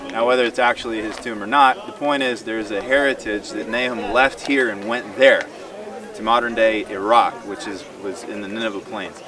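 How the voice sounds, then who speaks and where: A man's voice: lowish voice, moderate pace. Emphatic man teaching outdoors, far mic. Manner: animated and emphatic, acts out quoted dialogue. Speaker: tour speaker teaching a group. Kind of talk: outdoor Bible teaching to a tour group. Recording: distant mic outdoors with crowd noise.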